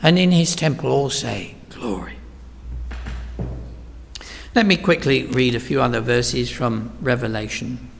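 A man preaching a sermon, slow and emphatic, swinging from hushed whispers to loud cries. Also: mid-range voice, gravelly, slight background noise. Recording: long reverb of a large hall.

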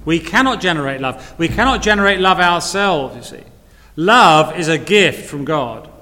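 A man's voice: fairly high pitch, expressive, moderate pace, pushed and bright. A man preaching a sermon, earnest, repeating key phrases and asking rhetorical questions. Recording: long reverb of a hall.

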